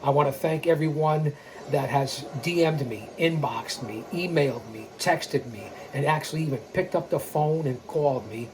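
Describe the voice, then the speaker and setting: Brash male host with a slightly high voice, boastful wrestling promo patter, faint background hiss. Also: normal speed, a little mellow, low-quality recording. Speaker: YouTube show host. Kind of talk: wrestling-persona monologue. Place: underground bunker studio.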